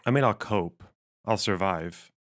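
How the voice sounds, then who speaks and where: A man live-streaming casual commentary while reading chat, his voice strained and missing its lower range, swearing and laughing as he thinks aloud. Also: unhurried, a bit bright.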